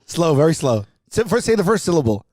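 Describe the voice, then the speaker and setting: Man, podcast co-host, teasing, mock-serious, expressive pitch, dry close recording. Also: quick pace, dry recording. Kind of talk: casual podcast chat.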